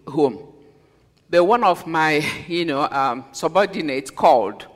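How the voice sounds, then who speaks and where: A woman giving a personal testimony as a sermon, telling her story earnestly and then preaching with slow, stressed scripture quotes. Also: fairly low pitch. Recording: long reverb of a large hall.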